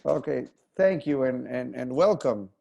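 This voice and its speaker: A theater director hosting a panel over a video call, talking in a halting way with many fillers and restarts. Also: male voice, mid-range voice, creaky, warm tone, lo-fi sound. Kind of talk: casual video-call chat.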